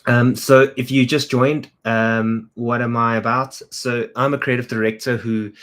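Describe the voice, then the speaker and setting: A man's voice: medium pitch, level tone, measured pace, a bit bright. A man from South Africa, a creative director, chatting casually on a livestream, greeting viewers and answering their comments off the cuff.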